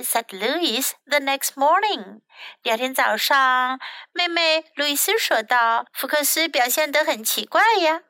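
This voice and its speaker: Woman teacher, high and bright, slow expressive storybook read-aloud for kids; dry close mic. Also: no room sound. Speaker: English teacher reading aloud. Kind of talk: bilingual storybook reading for children.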